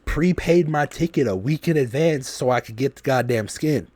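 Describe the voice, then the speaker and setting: A man hosting a podcast, telling a story in a loose, profane, animated way. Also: medium pitch, normal speed, dry recording. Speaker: podcast host.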